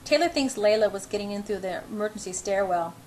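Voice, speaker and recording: A woman's voice: medium pitch, animated, fast talker, a little mellow, slight background noise, lightly acted, rough recording. A woman voicing a brooding, controlling young man, spoken intensely and insistently. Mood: earnest.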